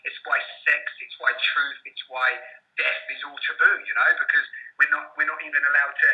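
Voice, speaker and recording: A man's voice: fairly high pitch, level tone, fairly quick, lo-fi sound. A man in his thirties, a guest coach in an interview, talking in a rambling way with many restarts. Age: 30s. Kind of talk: interview conversation.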